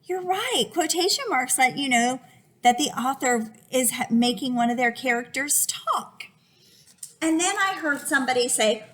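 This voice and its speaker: A woman teacher giving an animated reading lesson to young children, using an exaggerated, expressive voice. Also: high-pitched, moderate pace.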